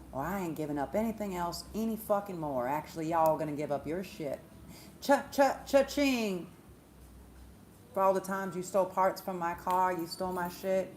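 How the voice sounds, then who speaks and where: A woman, a spiritual reader, retelling a story in a profane, animated monologue. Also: on the low side, a little fast, few pauses, a little hiss or hum. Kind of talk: casual monologue vlog.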